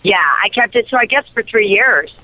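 A woman's voice: a little high, brisk, dry recording. A woman, an actress guest, telling a personal story in a chatty, giggly way with lots of fillers, heard over a phone line. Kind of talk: casual chat.

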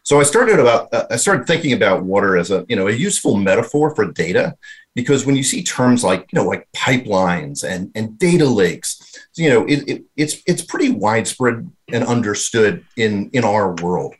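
A man's voice: fairly low pitch, sing-song, moderate pace. A man speaking as a panel guest, thinking aloud with frequent restarts. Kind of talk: discussion talk.

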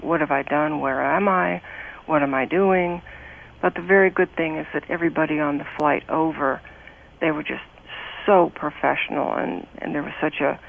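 A woman's voice: sits low, gravelly. An older woman from the United States, a guest recalling her past in an earnest, emotional way, speaking over a phone line. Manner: earnest and emotional, with many restarts. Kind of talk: interview, personal recollection.

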